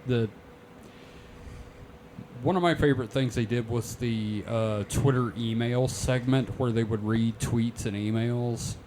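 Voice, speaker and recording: A man's voice: medium pitch, steady tone, unhurried, a little mellow, a little hiss or hum. A man co-hosting a podcast in casual chat, joking and swearing freely. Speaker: podcast co-host.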